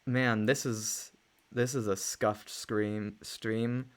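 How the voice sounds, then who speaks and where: A streamer chatting through a live game stream, moving between excited exclamations and mumbled asides. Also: medium pitch, drawn-out words. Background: faint lo-fi music.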